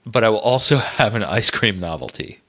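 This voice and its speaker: A middle-aged man co-hosting a podcast, talking casually with a lively, swinging voice. He pokes fun at himself and laughs easily. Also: fairly low pitch, a little fast. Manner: chatty, self-mocking, laughs often. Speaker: podcast co-host. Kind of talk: casual chat.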